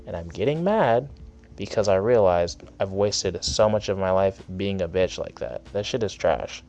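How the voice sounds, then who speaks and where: A man's voice: sits low, animated, normal speed, darkish tone, highs cut off. A young man hosting his own podcast, ranting angrily with heavy swearing in a casual, heated way. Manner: angry, profane, ranting. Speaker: podcast host. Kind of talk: solo podcast rant.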